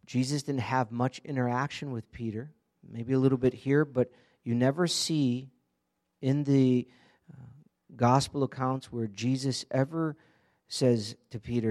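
A man's voice: medium pitch, steady tone, a little slow, a little mellow. A man preaching an earnest, conversational sermon, often asking the congregation direct questions. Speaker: pastor.

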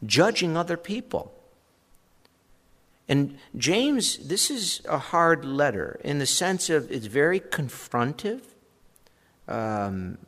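Slow, animated male preacher in a hall. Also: fairly high pitch. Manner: conversational preaching, animated with asides. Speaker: pastor. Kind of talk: sermon.

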